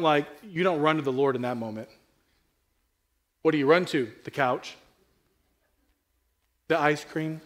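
A man preaching a sermon in a casual, conversational way, asking the congregation questions and rising from quiet asides to loud, emphatic peaks. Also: on the high side. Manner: repeats and restarts phrases, asks the crowd questions. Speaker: pastor.

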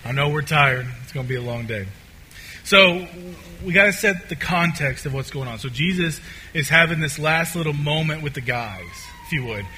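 A man's voice: a little high, expressive, normal speed, sharp tone, a little hiss or hum, rough recording. A man preaching a sermon in a casual, conversational way, with many fillers and restarts.

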